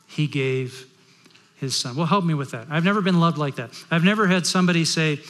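Middle-aged male pastor, somewhat high voice, storytelling sermon, echoing sanctuary. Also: a little fast. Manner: storytelling, shifting from loud to hushed. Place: large worship hall. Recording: long hall reverb.

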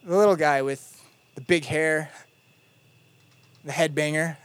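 A youth pastor preaching a sermon in a conversational storytelling way, with playful asides, lively retellings and quiet, emphatic moments. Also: mid-range voice, a little slow, smooth, no room sound.

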